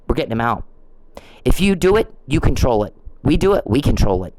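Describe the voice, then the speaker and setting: A vlogger with a very deep, slightly mellow voice rants at the camera briskly and with great animation, furious, profane and scolding. She trips up and repeats herself when heated. The recording has no echo but is low quality.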